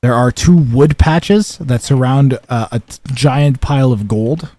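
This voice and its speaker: A man's voice: medium pitch, unhurried, warm tone, dry recording. A young man streaming a strategy game, chatting casually with viewers and commentating, rambling with lots of fillers and restarts.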